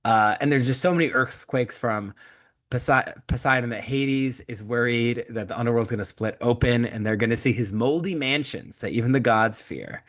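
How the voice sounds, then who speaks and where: A man at mid pitch, chatting casually on a podcast. He retells the plot with a comic, profane edge and slips into quick voices for each character. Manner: animated storytelling, acts out characters with quick voice shifts. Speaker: podcast co-host. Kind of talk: casual chat.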